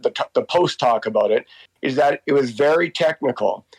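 A man in his fifties talks loosely and warmly, circling back with "you know" and "by the way". His voice sits at a plain middle pitch for a man, and he keeps restarting his sentences as he goes. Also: normal speed, breathy edge, rough recording. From Canada. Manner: rambling, many fillers and restarts. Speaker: interviewee, walking tour guide. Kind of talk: casual storytelling.

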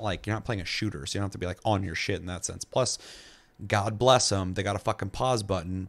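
A man co-hosting a podcast, chatting casually about a game, rambling with many fillers and frequent swearing. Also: deep voice. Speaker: podcast co-host. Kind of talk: casual chat.

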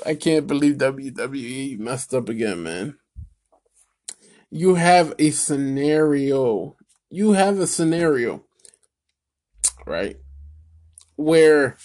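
This man's voice is a little high and slow, with long pauses. He's a wrestling commentary vlogger in a casual solo rant, rambling with fillers and calling viewers "people," swinging from excitement into angry, profane ranting.

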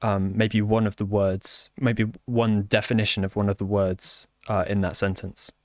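A man who develops software, talking casually and haltingly with many fillers and restarts. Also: on the low side, little pitch movement, dry recording, clean studio sound. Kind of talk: casual conversation.

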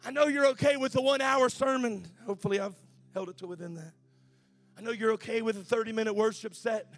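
A male pastor. He swings between shouted, sing-song preaching and quiet, conversational asides. Music plays clearly underneath him. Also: sits high, fast. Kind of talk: sermon.

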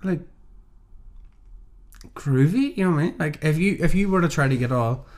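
A man's voice: fairly high pitch, animated, normal speed. Rambling, sweary Northern Irish man. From Northern Ireland. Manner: rambling, sweary, acts out quotes. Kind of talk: casual podcast chat.

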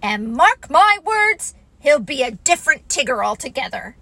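A woman's voice: high-pitched, very animated, bright, forceful tone, no echo, exaggerated voice. A woman doing a bossy, self-important rabbit. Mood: scheming. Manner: brisk, self-important, emphatic. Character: fussy, bossy rabbit, full of plans. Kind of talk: storybook reading.

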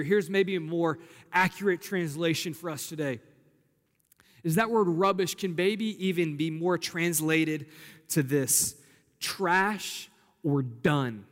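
A young pastor delivers his sermon with earnest, conversational warmth, circling back on key phrases. His voice sits a little high for a man. The sound carries a long reverb tail, like a large sanctuary. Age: young adult. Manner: earnest, conversational preaching with repetitions. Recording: hall reverb.

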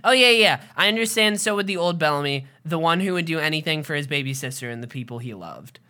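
Bright-voiced woman chatting casually. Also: sits low, fast talker. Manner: animated, reads from her notes, swears freely. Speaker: podcast co-host. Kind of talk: casual chat recapping a TV episode.

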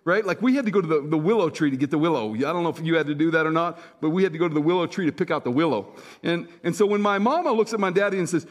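A middle-aged male pastor preaching in a somewhat raised, light voice. He talks casually, with fillers and asides to the congregation. He moves between loud, punchy stretches and soft, slow, hushed ones. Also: on the high side, animated. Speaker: senior pastor. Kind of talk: sermon.

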